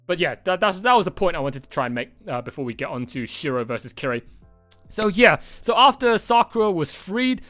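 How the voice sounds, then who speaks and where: Excitable, rambling man reacting to a movie. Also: fairly high pitch, brisk, dry recording, faint music behind. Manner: excited, rambling, swears often, many restarts. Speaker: reaction channel host. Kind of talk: casual movie reaction chat.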